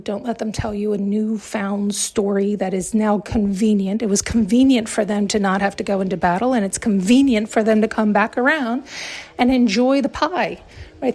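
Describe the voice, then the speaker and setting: A woman's voice: on the high side, darkish tone. A woman hosting a podcast, giving a reflective spiritual monologue, talking conversationally and driving her points home with rhetorical questions. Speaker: podcast host.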